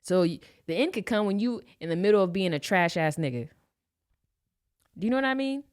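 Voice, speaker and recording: A woman in her late twenties from Los Angeles, telling a personal story on a podcast in a slangy, animated way and acting out the scenes. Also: medium pitch, brisk, clean tone. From Los Angeles, USA. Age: 20s. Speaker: podcast host. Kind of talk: casual storytelling.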